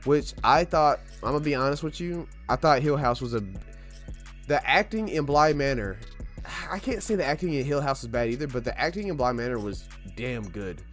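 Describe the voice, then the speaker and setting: A man's voice: medium pitch, expressive, normal speed, a bit bright, faint music behind. A young man hosting a podcast, talking casually in a rambling, joking way and swearing freely. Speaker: podcast host. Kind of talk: casual solo podcast monologue.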